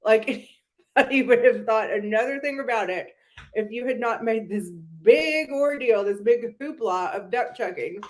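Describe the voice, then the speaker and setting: A woman's voice: fairly high pitch, moderate pace. A young woman hosting a casual commentary chat, gossipy and sarcastic, often breaking into giggles. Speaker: channel host.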